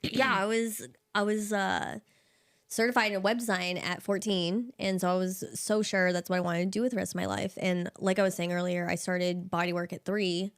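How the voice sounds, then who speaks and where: A woman's voice: mid-range voice, steady tone, moderate pace, smooth. A young woman in her twenties, chatting casually as a podcast guest, rambling and giggly with lots of likes. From United States, Filipino family. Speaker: podcast guest, bodywork practitioner. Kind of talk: casual chat.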